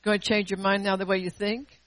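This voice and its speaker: A woman preaching a sermon with call-and-response asides, swinging between loud bursts and hushed passages. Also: medium pitch, flat delivery, a little fast, no room sound, low-quality recording.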